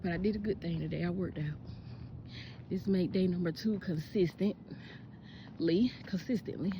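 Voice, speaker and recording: A young woman talks casually into her phone in a park, circling back over the same points. Her voice sits very low. Outdoor noise is clearly heard under her voice. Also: moderate pace, highs cut off. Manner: rambling, repeats herself, drops to a whisper when people pass. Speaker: vlogger. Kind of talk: casual vlog talk to camera.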